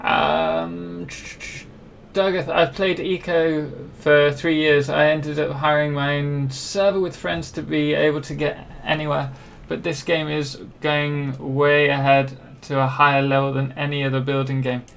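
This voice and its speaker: A man's voice: fairly high pitch, a little slow, vocal fry, slight background noise. A young man from Britain chatting casually on a live game stream, rambling and self-deprecating, with many ums and restarts. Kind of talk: casual live-stream chat while playing.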